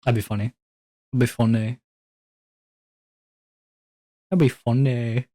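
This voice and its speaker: Young male streamer, slow and rambling, self-deprecating casual chat. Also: medium pitch.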